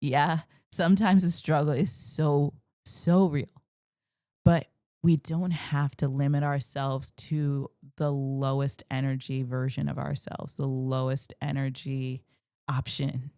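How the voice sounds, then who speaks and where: A young woman with a low, gravelly voice talks earnestly about parenting. Her tone is mellow and dark, and she shares a personal story in a confessional, meandering monologue. The recording is close and dry. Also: no room sound. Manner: earnest, confessional, rambling with restarts. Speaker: parenting channel host.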